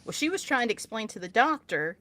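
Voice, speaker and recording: A woman's voice: a little high, brisk. A woman from West Virginia with an Appalachian twang, hosting a podcast in a sarcastic, story-telling chat. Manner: sarcastic, laughs often, tells animated stories. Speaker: podcast host. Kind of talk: casual chat.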